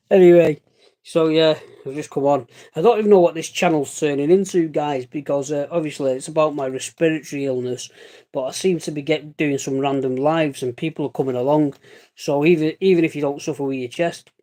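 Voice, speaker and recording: A British vlogger who lives with a lung condition chats casually on a livestream, rambling along with jokey asides and the occasional swear word. His voice is fairly high and mellow.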